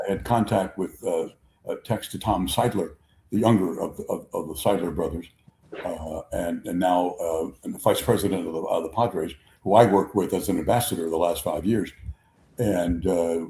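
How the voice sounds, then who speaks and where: A man in his seventies hosting a sports talk show, telling rambling stories with lots of repeats and lively impressions. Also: low voice, moderate pace, a little hiss or hum. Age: 70s. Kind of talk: conversational storytelling. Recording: echoey room.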